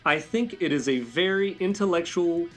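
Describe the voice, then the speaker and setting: A man hosting a casual podcast, reading out viewer comments and chatting about superhero movies with an animated, expressive delivery. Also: a little high, moderate pace, soft background music. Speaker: podcast host.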